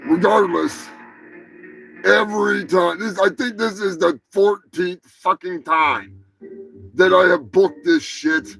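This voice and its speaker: Male comedy host, gravelly and high, slow sarcastic rant over music. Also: poor audio. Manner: sarcastic, profane, bursts into shouting. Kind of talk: comedic rant on a live show.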